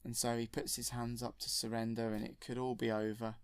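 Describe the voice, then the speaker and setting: A man's voice: medium pitch, little pitch movement, a little fast, clean tone, dry recording. A man rambling enthusiastically through a film retold from memory, correcting himself as he goes. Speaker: storyteller.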